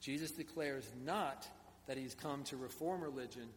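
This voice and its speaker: A man's voice: mid-range voice, moderate pace, long reverb tail, slight background noise. A man preaching a sermon in a conversational way, with asides to the congregation. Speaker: pastor.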